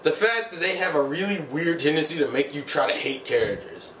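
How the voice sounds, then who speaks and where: A man's voice: a little high, lively intonation, a little fast, fairly bright tone, slight background noise. A man giving a casual, rambling spoken review of an anime episode, heated and profane, with many fillers. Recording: roomy sound from a distant mic, faint ambience.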